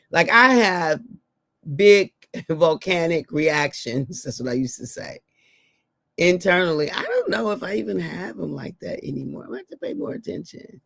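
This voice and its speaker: A woman's voice: lowish voice, dry recording, clean studio sound. A woman hosting a morning live stream, giving a motivational talk to her viewers, emphatic and affectionate, repeating her key phrases.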